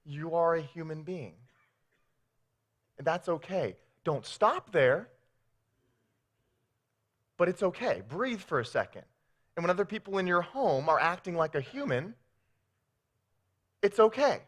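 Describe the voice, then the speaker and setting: A man's voice: a little high, lively intonation, measured pace, pauses often, fairly bright tone. A man preaching a sermon as pastor, telling stories with playful acted quotes.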